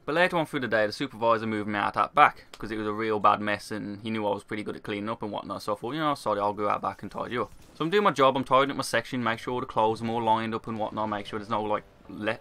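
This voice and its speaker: Fast sweary young British man. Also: mid-range voice. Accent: British English. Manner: brisk, animated, sweary retelling. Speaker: storyteller. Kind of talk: casual story time. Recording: faint background music.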